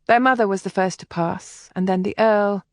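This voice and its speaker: A woman reading an audiobook, voicing a gentle, earnest young gentlewoman who chides softly. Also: medium pitch, steady tone, moderate pace, no room sound, studio quality, close to an everyday voice.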